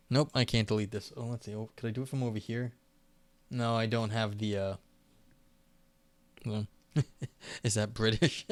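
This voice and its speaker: A man streaming live, reading a philosophy paper aloud and chatting with his viewers in a loose, self-deprecating way. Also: medium pitch.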